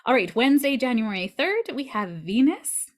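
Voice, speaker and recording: A woman astrologer giving a weekly forecast in a chatty, animated way, with breezy asides. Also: on the high side, normal speed.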